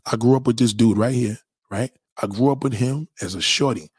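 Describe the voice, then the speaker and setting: A man, ranting casually and loudly to his stream viewers, swaggering and laughing often. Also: mid-range voice, fairly quick, slightly rough, dry recording. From New York. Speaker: live-stream host. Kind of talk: casual profane rant to viewers.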